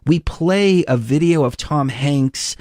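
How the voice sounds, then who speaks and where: A man hosting an interview show, chatting casually and telling rambling stories in an animated way. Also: fairly high pitch, slow, no room sound, clean studio sound. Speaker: host.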